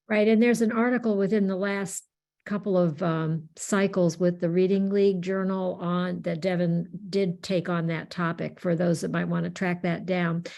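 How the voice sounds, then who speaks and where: A woman's voice: lowish voice, fairly even intonation, moderate pace, gravelly, a little mellow. A woman moderating a webinar, relaying audience questions with hesitant, searching phrasing.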